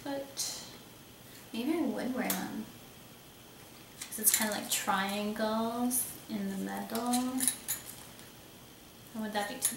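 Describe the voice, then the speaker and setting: A young woman talks slowly and chattily, clearly delighted with each piece she holds up. Her voice comes from a little way off the mic in an echoey room, with a faint hiss underneath. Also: medium pitch. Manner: chatty, enthusiastic, thinking aloud while showing items. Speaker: beauty vlogger. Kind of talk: casual haul video. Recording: roomy echo, somewhat far from mic, faint hiss.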